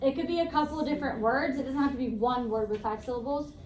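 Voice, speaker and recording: A woman teacher leading a classroom lesson, brisk and encouraging, asking the class questions. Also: sits high, darkish tone, reverberant, far from the mic, slight background noise, low-quality recording.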